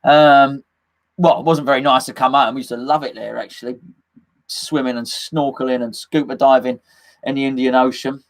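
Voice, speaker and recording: A man's voice: medium pitch, fairly even intonation, moderate pace. A middle-aged man hosting a casual live fan chat, rambling and jokey, with lots of fillers and restarts as he reads out comments.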